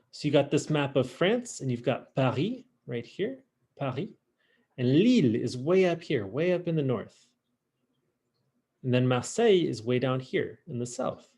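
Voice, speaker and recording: A man teaching an online French class, saying y'all and slowly drilling each phrase for his students. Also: medium pitch, a little mellow, slightly rough. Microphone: video call.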